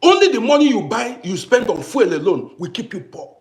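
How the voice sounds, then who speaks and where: A man's voice: high voice, sing-song, fairly quick. A man from Africa delivering an impassioned monologue to camera, ranting and firing off rhetorical questions while repeating himself for emphasis. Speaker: vlogger.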